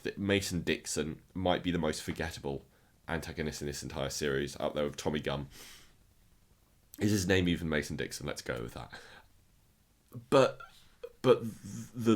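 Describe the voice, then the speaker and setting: A man casually ranking films in a review video, enthusiastic and often repeating words as he restarts his sentences. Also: deep voice. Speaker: film reviewer.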